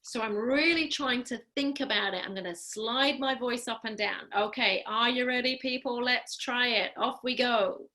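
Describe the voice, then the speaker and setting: A woman speech therapist coaching a group through voice drills over a video call. Her voice is bright and forceful and sits a little high. She speaks clearly and deliberately, upbeat and encouraging as she guides everyone along. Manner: clear, deliberate, instructive delivery. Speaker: speech-language pathologist. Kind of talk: online class leading voice exercises. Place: home, during a live online program.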